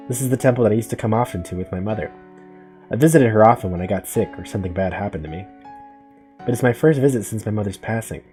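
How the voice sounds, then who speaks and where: A man's voice: fairly low pitch, a little mellow. Joking young man reading a horror game. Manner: casual, joking asides between dramatic read-outs. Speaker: gamer. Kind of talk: let's play commentary, reading game text aloud.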